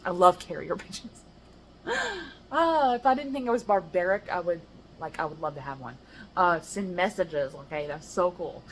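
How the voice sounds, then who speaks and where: Low-voiced American woman reading poetry. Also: a little hiss or hum, rough recording. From United States. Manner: measured rhyming recitation broken by chatty, laughing asides. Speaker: poet. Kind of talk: poetry reading with casual commentary.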